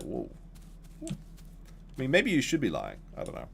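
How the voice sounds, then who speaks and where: A man's voice: medium pitch, huge pitch swings, moderate pace, vocal fry, pauses often, a bit bright, husky. A man streaming a dinosaur game, rambling casually to his chat while he plays. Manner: rambling, chatty, talks to chat while playing. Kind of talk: casual gameplay commentary.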